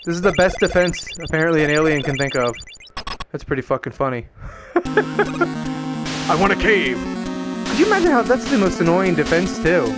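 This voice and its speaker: Let's-play host, profane and exasperated, very animated pitch, loud game music behind. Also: quick pace. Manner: profane, exasperated, talking to self. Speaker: gaming channel host. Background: loud video game music.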